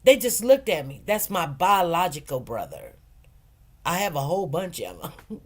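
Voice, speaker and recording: A middle-aged woman tells a story in a loose, chatty way. She acts out the people in it, and her voice swings high and low as she goes. Her delivery is casual and unscripted. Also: big pitch swings, normal speed, husky. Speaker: channel host.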